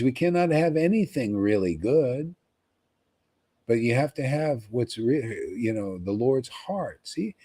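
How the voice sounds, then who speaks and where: A man giving an informal, rambling devotional talk to followers, often pausing to ask "see?" and repeating himself. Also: mid-range voice, expressive, dark tone, breathy edge. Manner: conversational, rambling, repeats words and asks "see?". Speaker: spiritual teacher.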